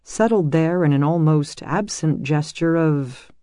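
Brief: mellow narrator, dry close recording, steady scripted audiobook reading. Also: medium pitch, a little slow, dry recording. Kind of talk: scripted narration of a medieval romance.

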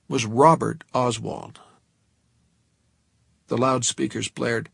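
A man narrating a novel in the first person, measured and tense. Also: medium pitch, flat delivery, gravelly, a bit bright, breathy edge, no room sound, studio quality. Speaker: audiobook narrator.

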